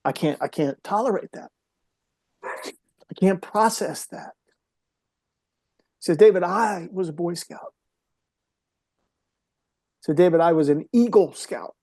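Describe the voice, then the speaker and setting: A middle-aged man, a guest on a podcast, telling personal stories in an earnest, emotional way, sometimes dropping to a hush. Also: sits high, slow, pauses often, no room sound. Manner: earnest, emotional storyteller, drops to a hushed voice at moments. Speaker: podcast guest, mental health speaker. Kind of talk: personal storytelling in an interview.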